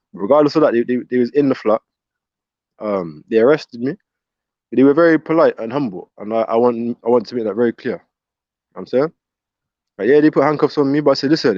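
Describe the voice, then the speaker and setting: A man, talking fast and rambling as a caller from a hospital ward, often repeating and stumbling over his words. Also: medium pitch, a little mellow, dry recording, lo-fi sound. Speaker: caller speaking from a psychiatric ward. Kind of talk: rambling casual chat.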